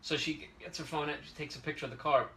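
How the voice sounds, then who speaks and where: A man telling a story in casual podcast chat, animated and acting out the people in it. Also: a little high, quick pace, far from the mic, a little hiss or hum. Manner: animated, acts out quoted voices. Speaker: podcast host. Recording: echoey room, away from the mic.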